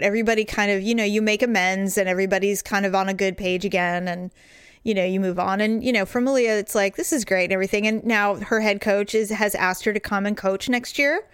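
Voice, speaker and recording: A middle-aged woman co-hosting a show, telling stories in casual chat, candid and animated with blunt swearing. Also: mid-range voice, smooth, no echo, studio quality. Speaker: podcast co-host.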